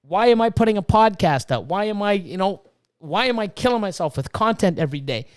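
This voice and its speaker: A snake breeder in his fifties hosts a livestream, ranting casually, swearing freely, and reading viewers' chat aloud. His voice sits high, with lively intonation and a fairly quick pace.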